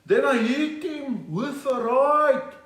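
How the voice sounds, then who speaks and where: A man impersonating a slow-spoken boxing champion, dragging his words out. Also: very high voice, lively intonation, reverberant, recorded from a distance, pitched above the performer's own voice, exaggerated voice. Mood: dopey pride. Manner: drawn-out, slow, plodding delivery.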